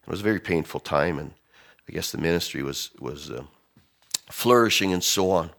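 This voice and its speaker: A man preaching a sermon, animated, swinging from loud emphasis to hushed tones as he acts out quotes. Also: low voice, moderate pace, vocal fry. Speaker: pastor.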